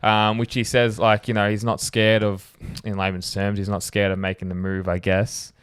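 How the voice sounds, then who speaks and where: A young man chatting casually as a podcast co-host, talking in loose rambling runs padded with fillers. His voice sits low and comes across smooth, with a close, dry sound. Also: monotone, normal speed, a bit bright, dry recording. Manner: rambling, full of "like" and "you know" fillers. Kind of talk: casual motorsport chat.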